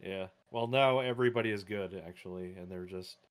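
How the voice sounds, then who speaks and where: Blunt sarcastic man, lowish voice. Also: a little fast. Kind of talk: casual chat.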